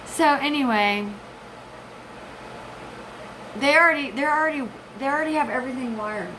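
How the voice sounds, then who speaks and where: A woman's voice: high-pitched, quick pace, sharp tone, a little hiss or hum, poor audio. A woman in her forties giving an intense, rambling, profane personal monologue. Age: 40s. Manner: intense, rambling, profane, jumps between topics.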